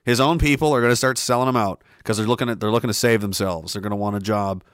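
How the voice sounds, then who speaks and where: A man's voice: on the low side, fairly even intonation, fast talker, clear, resonant tone, no echo, studio quality. A man hosting a livestream, ranting in a heated, profane way and repeating himself as he pushes his point. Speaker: livestream host.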